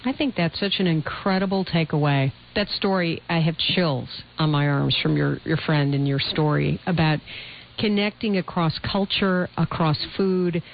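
A woman radio talk show host with a somewhat low voice, guiding callers attentively and smoothly. The broadcast sound is a little dull, with faint noise underneath. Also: fairly even intonation, normal speed. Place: radio studio.

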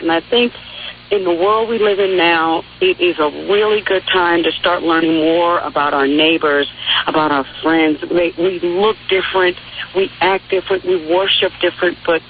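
A woman's voice: lowish voice, moderate pace. A woman from New York City calling in to a talk radio show, telling a heartfelt story. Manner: heartfelt storyteller, lively voices when quoting. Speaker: caller. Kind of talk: phone-in call to talk radio. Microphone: telephone. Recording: tinny phone line with faint hiss.

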